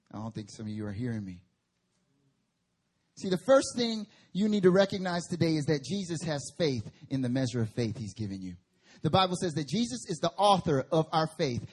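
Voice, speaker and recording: A man preaching a sermon at a church service, telling Bible stories in an animated way with slang and humor. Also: on the high side, breathy edge. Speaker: guest preacher.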